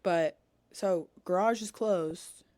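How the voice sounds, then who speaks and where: A young woman co-hosts a podcast, telling a story in casual chat and animatedly acting out the quoted dialogue, cussing along the way. Her voice is fairly low and slow, recorded dry on a studio podcast mic.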